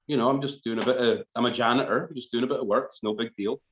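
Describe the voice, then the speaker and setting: A man's voice: medium pitch, very fast, a bit bright, slight background noise. A man spins a rambling, self-mocking yarn over a live stream. He often stops to laugh at himself. The audio sounds roomy and a little dull, like a stream captured in an echoing indoor space. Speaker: folk band member on live stream. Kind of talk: casual storytelling.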